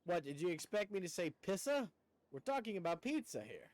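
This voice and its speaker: A man's voice: sits high, very animated, quick pace, no echo. A man streaming a game, chatting casually with viewers in a rambling way and laughing often. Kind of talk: casual chat while gaming.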